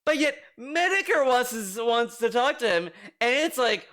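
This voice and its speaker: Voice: mid-range voice, lively intonation, normal speed, a bit bright. A streamer giving exasperated, ranting commentary on a video, swearing freely. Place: home streaming room.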